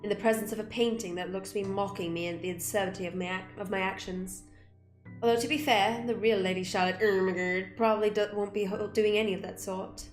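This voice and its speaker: A woman gamer reading a visual novel aloud with expressive delivery and blunt, swearing asides. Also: medium pitch, brisk. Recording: roomy room with music behind.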